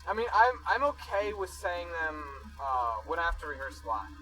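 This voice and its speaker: A man co-hosting a podcast in a car, talking in an earnest, halting way with frequent restarts. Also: on the high side, very animated, sharp tone, faint music behind, rough recording. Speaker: podcast co-host. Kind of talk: casual chat. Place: inside a car on a road trip.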